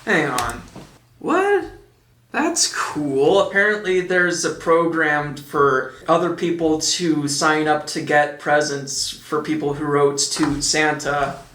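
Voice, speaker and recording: A man's voice: a little high, fairly even intonation, slow, few pauses, pushed and bright, roomy sound, a little hiss or hum. A man giving sarcastic commentary as a video reviewer, making dry, mocking jokes.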